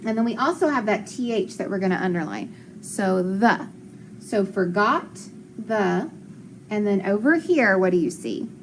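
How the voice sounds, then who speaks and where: A woman teaching a phonics lesson to a class, encouraging them, asking questions and sounding out letters slowly. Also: mid-range voice, very animated, slight background noise.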